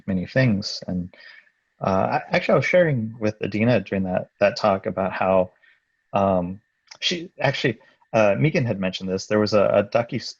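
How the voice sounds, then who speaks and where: A man who supervises animation, answering on a video call panel in a hesitant way with many pauses and fillers, over dull lo-fi call audio. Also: on the low side, gravelly, slightly rough, dry recording.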